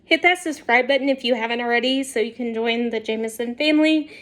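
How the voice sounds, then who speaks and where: A woman vlogger with a fast, higher-pitched voice tells her viewers a story straight to camera. She's chatty and casual, laughing often as she talks.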